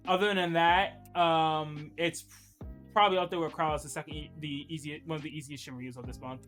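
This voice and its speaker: A man's voice: fairly high pitch, steady tone, brisk, a bit bright, faint music behind. A man hosting a casual gaming stream, chatty, laughing often and swearing casually. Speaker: stream host.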